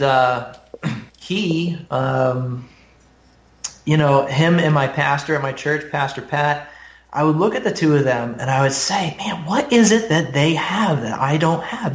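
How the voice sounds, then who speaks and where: A young man casually sharing his personal testimony, rambling with fillers, small laughs and throat clearing. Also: mid-range voice. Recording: roomy echo.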